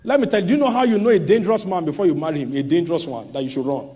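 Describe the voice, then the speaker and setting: A man preaches a rapid-fire, emphatic sermon, swinging between loud shouts and low asides and mimicking people along the way.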